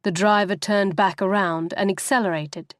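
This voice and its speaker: A woman narrating a novel in a steady, even storytelling manner, close to the microphone. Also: medium pitch, moderate pace, no room sound. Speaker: audiobook narrator.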